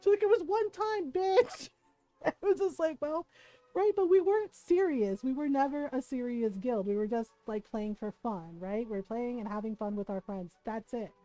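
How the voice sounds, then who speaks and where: A middle-aged woman streaming and telling a story in a casual chat, chatty and laughing often, keeping her listeners in with a steady "right?". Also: on the high side, normal speed, no echo, faint music behind, rough recording. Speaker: livestreamer.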